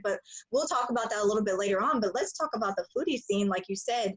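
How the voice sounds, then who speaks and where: A woman in her thirties hosts a casual interview in a mid-pitched voice. She talks in an upbeat, chatty way and restarts her phrasing as she lines up each question. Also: expressive, quick pace, slightly rough, dull audio. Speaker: show host.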